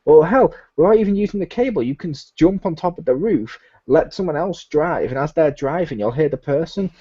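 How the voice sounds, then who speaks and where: Mellow-voiced man telling game stories. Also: a little high, a little fast, slightly rough. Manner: animated storyteller, acts out game characters' lines. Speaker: podcast host. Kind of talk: casual chat. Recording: dull lo-fi home recording.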